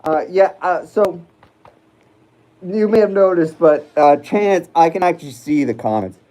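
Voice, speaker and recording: Mellow-voiced man rambling on a livestream. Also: on the high side, unhurried, rough recording. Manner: rambling and hesitant, many fillers and restarts; chats with viewers while reading live comments. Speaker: livestream host. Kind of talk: casual livestream chat.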